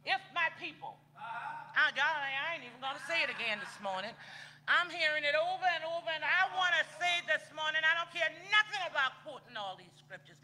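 A woman's voice: high-pitched, pushed and bright. A woman minister, preaching a sermon in a folksy, conversational way and talking straight to the congregation.

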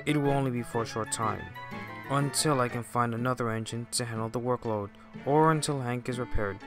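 A man voicing a calm male railway boss who speaks in a reassuring, businesslike way. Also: mid-range voice, a little fast, music in the background, lightly acted.

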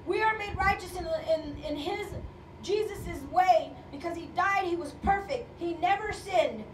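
A woman's voice: very high voice, measured pace, recorded from a distance, a little hiss or hum. A woman pastor preaching a sermon with passion, her voice at times breaking with emotion. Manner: impassioned, rising to fervent calls, voice breaking with emotion. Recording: echoey room, speaker away from mic, faint ambience.

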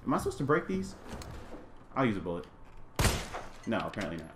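A man's voice: medium pitch, sing-song, normal speed, pauses often, fairly bright tone, echoey room, a little hiss or hum. A man hosting a let's play, jumpy and easily startled, repeating himself and bantering with viewers. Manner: chatty with an exclamatory, self-deprecating banter. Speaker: gaming channel host.

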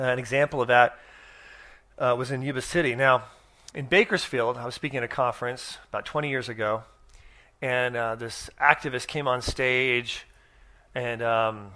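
A man's voice: medium pitch, sharp tone. A middle-aged man preaching in a church, telling stories in a folksy, rambling way with many restarts and fillers. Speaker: guest speaker. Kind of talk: sermon storytelling.

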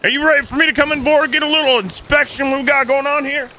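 A man plays an officious sheriff who blusters and barks orders over the waves. The voice rides high and swings a lot. It is bright and sharp, over a faint hiss. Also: animated, moderate pace, full character voice, rough recording. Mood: bossy. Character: bossy blustering male pirate-sea sheriff.

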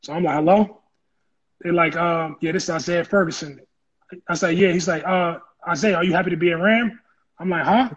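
A man telling his story in an interview, animated and acting out the voices of people he quotes. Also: on the high side, a little fast, slightly rough, lo-fi sound. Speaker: interview guest, former football player. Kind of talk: casual storytelling.

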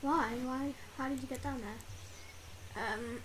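A woman voicing a glum, burnt male animatronic fox in a game role-play, with a low, rushed mutter. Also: fairly even intonation. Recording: loud background noise.

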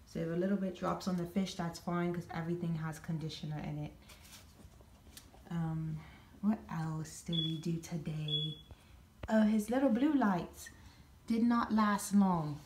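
A woman's voice: on the low side, steady tone, measured pace, darkish tone, slight background noise. A woman talking casually at home, explaining things step by step with many ums and restarts. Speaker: vlogger and pet owner.

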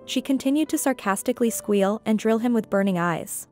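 A woman reading a scripted story aloud as narrator, steady and even. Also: fairly high pitch, fairly quick. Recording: faint background music.

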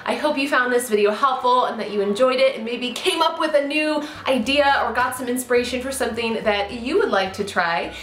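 Woman, friendly video sign-off, upbeat, high-ish voice, roomy echo. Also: a little fast, few pauses, a bit bright, slight background noise. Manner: upbeat, friendly direct address. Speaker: craft video host.

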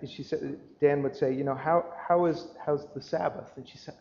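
Gravelly-voiced pastor in an echoey church. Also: male voice, medium pitch, moderate pace, hardly any pauses, dark tone, slight background noise. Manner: conversational storytelling with many restarts. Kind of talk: sermon. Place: church sanctuary. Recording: echoey church livestream, dull lo-fi sound.

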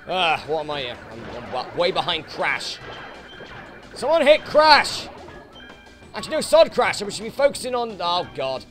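A British man who hosts let's plays, giving excitable gameplay commentary full of swearing and frustrated outbursts. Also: a little high, normal speed, faint music behind. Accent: British English. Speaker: let's play host.

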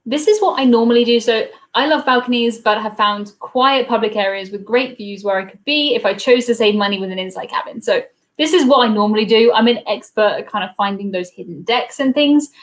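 A woman's voice: a little high, brisk. A young woman with a Southern English accent hosting a casual live cruise Q&A stream from her home desk, chatting and answering viewers. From south coast of England. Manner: chatty, reads viewer comments aloud, coos at her dog.

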